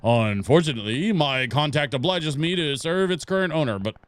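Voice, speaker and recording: A man's voice: fairly high pitch, lively intonation, fairly quick, lightly acted. A man voicing a grumpy ancient boggart guardian in the form of a cat, haughty and scolding, reading game dialogue aloud. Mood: grumbling.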